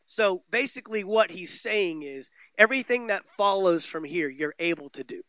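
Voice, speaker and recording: Emphatic preacher man, bright and high. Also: expressive, moderate pace, no room sound. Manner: emphatic preaching, repeating phrases with rising and falling intensity. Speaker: pastor. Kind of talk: sermon.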